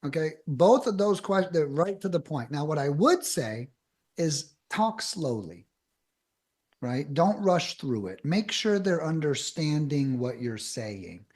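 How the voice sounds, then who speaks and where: A man on a podcast as a guest, giving blunt, emphatic advice in fast bursts with casual swearing. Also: fairly high pitch, very animated.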